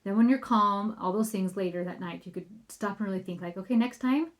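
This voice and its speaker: A woman's voice: medium pitch, brisk. A woman in her thirties, a parenting coach hosting a solo podcast, upbeat and chatty, addressing listeners as friends.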